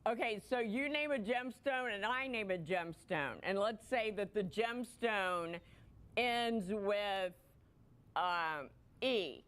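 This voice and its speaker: A woman's voice: mid-range voice, takes it slowly, fairly bright tone, clear, resonant tone. A woman hosting a live TV shopping show, chatting playfully while presenting. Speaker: home shopping host.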